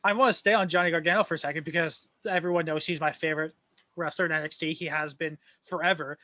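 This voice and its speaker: A man's voice: a little high, steady tone, quick pace, bright, forceful tone, no room sound. A man co-hosting a casual wrestling news chat, easygoing and eager as a fan. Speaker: podcast co-host.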